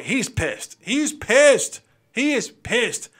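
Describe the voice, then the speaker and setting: Man, sports show host, high voice, bright and sharp tone, casual picks chat, playful, repeats himself for emphasis. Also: big pitch swings, slow.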